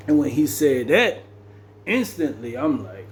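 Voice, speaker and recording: A man's voice: mid-range voice, very animated, unhurried, a little hiss or hum. Slangy man telling a story. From Jamaica. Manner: slangy, conversational, loose and rambling. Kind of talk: casual storytelling.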